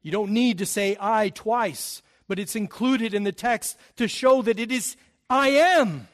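A man preaching a sermon, emphatic, swelling loud on key phrases and dropping low and quiet between them. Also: fairly even intonation, unhurried.

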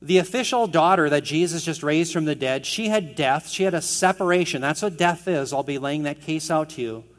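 A man's voice: fairly high pitch, brisk, few pauses. A man preaching an expository sermon, earnest and emphatic, asking the listeners questions as he goes. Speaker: pastor.

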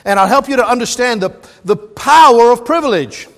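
Male substitute preacher, high voice, folksy humor, reverberant hall. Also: animated, a little fast. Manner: joking, folksy asides. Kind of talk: sermon.

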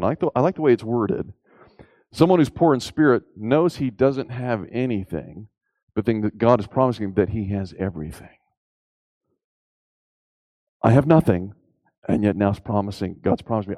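A male preacher with a low, gravelly voice delivers an emphatic sermon. He pushes his pitch up on key points and poses rhetorical questions. The sound is close and dry. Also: warm tone, dry recording.

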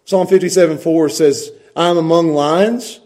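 A man preaches with a high, lively voice. He swings between loud, pressing emphasis and soft, quiet asides as he works through his sermon. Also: moderate pace. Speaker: pastor.

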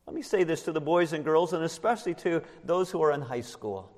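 Male pastor, slightly higher-pitched, emphatic sermon delivery, long church reverb. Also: expressive, darkish tone. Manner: emphatic preaching, slows down on key words. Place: church sanctuary.

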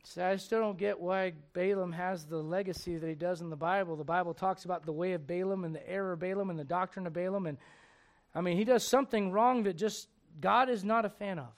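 A male preacher delivering a sermon as animated storytelling, asking the crowd rhetorical questions. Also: high-pitched, brisk.

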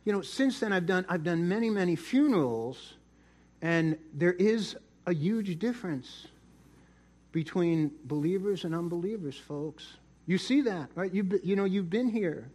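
Middle-aged New pastor, chatty sermon. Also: male voice, sits high, lively intonation, a little slow, darkish tone. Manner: conversational storytelling, repeats words. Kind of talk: sermon with personal story.

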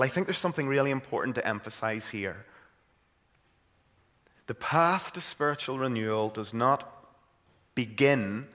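A man's voice: medium pitch, a bit bright. A man with a Northern Irish accent delivers a sermon in a mid-range voice. He speaks earnestly and rises to fervent emphasis on key points. A long reverb from the church hall trails behind his words. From Northern Ireland. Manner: earnest, builds to impassioned emphasis. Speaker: preacher.

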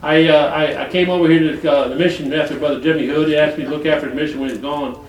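Speaking a little high, at a quick pace and in a steady tone, an older Detroit man delivers a colloquial, folksy sermon. He chuckles and wanders through rambling stories, captured from a distance in an echoey hall.

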